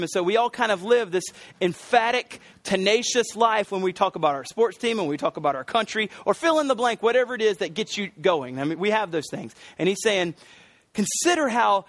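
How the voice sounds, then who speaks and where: Middle-aged American male pastor, high-pitched, dry close sound, earnest sermon delivery with repeated key words and frequent fillers. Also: no room sound. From United States.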